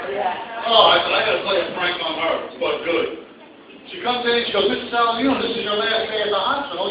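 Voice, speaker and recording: A man's voice: sits high, background noise. A man doing a stand-up set in a small club, telling crude stories into a handheld mic. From New York. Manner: brash storytelling with crude punchlines. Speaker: stand-up comedian. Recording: distant echoey lo-fi club recording, audience.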